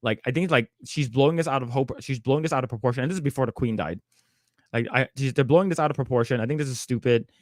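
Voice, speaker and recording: A man co-hosting a podcast, retelling stories in casual chat with lots of fillers and quick put-on voices. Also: medium pitch, no echo, clean studio sound. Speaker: podcast co-host.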